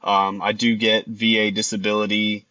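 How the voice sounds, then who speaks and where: A man in his thirties calling in to a radio show, polite and halting. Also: lowish voice, monotone, sharp tone, no echo, lo-fi sound. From Texas. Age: 30s. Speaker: caller. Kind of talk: phone call to a radio show.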